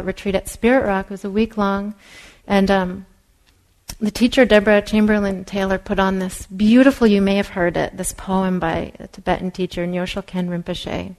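A woman meditation teacher giving a dharma talk in a soft, unhurried way, sometimes dropping to a whisper. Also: mid-range voice, poor audio. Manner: soft-spoken, drops to a whisper at times.

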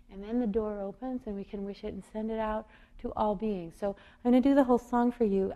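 A woman giving a gentle, unhurried meditation talk, with soft fillers and small laughs. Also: mid-range voice, gravelly. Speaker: meditation teacher and singer. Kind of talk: gentle spoken dharma talk.

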